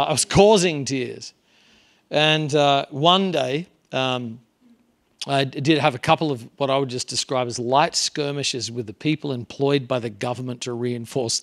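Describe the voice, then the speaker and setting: Middle-aged male guest preacher, gravelly edge, animated storyteller in a church setting. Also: mid-range voice. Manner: animated storyteller, acts out quotes with rising intensity. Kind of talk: sermon storytelling. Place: church sanctuary.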